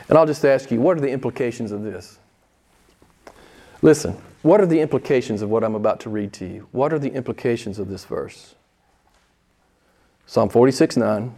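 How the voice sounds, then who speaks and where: A male pastor preaching a sermon, emphatic, with rhetorical questions and dramatic pauses. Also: mid-range voice, darkish tone.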